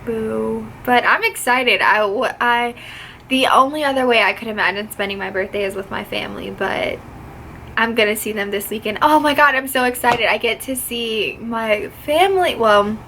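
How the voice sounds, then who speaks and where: A young woman chats straight to her viewers in a slightly high voice, gushing and close to tears. She talks casually, with lots of "like" fillers and restarts. A faint hum of ambient noise sits behind her. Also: moderate pace, bright, forceful tone, low-quality recording. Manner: gushing, emotional, frequent "like" fillers. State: teary, on the verge of crying. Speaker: vlogger, flight attendant trainee. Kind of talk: casual vlog chat.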